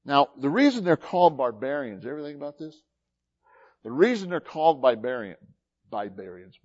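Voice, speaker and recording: A man preaching a sermon in an animated way, swinging between loud emphasis and quiet asides. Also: mid-range voice, normal speed, dull audio. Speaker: pastor.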